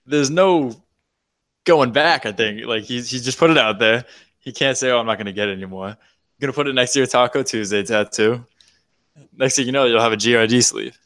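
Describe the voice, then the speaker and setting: A man's voice: mid-range voice, brisk, a bit bright, no echo, clean studio sound. A man hosting a casual podcast, loose and joking as he leads the talk. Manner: loose, joking, laughs often. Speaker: podcast host. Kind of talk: casual chat.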